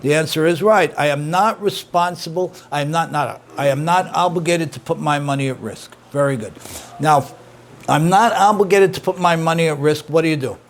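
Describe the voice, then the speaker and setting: A man's voice: a little high, normal speed, a little hiss or hum. A middle-aged man, a rabbi teaching an interactive class, who repeats his points and praises his students' answers.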